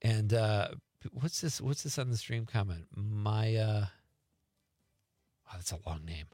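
A man's voice: on the low side, unhurried, darkish tone, dry recording. A middle-aged man, hosting a radio talk show and chatting casually as he reads listener texts aloud. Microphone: studio microphone.

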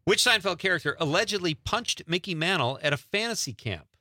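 A man's voice: sits high, lively intonation, brisk, sharp tone, no room sound, studio quality. A man hosting a radio quiz segment, upbeat and teasing, laughing often. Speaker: radio show host.

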